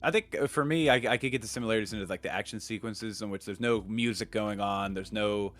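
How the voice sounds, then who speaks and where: Low-voiced man rambling about films. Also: fast, a bit bright, faint music behind. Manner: rambling, many fillers and restarts. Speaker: podcast co-host. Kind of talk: casual film discussion.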